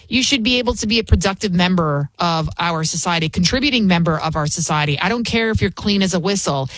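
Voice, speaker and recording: A woman's voice: mid-range voice, fairly bright tone, dry recording. A woman talk show host delivering an emphatic, sarcastic political commentary monologue, often repeating her points.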